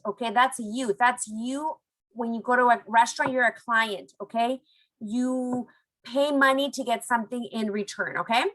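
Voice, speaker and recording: A woman teaching Spanish phrases to young students in a recorded online lesson, encouraging them and modelling phrases slowly. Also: fairly high pitch, pushed and bright, rough recording.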